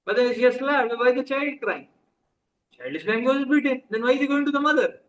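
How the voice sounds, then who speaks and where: A man with an Indian accent and a high voice delivers a relaxed, talkative sermon. He keeps checking in with his listeners through questions and drops Hindi phrases into his English. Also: fast talker, rough recording. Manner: conversational, asks the audience questions, mixes in Hindi. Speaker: spiritual teacher. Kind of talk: sermon to a live audience.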